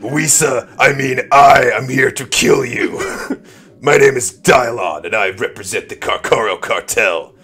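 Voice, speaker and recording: A man's voice: mid-range voice, unhurried, bright, forceful tone, breathy edge. A man voicing a brash male gang spokesman who blusters threats in an over-the-top wrestling-promo style during a tabletop game. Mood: menacing bluster. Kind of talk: tabletop role-play in character.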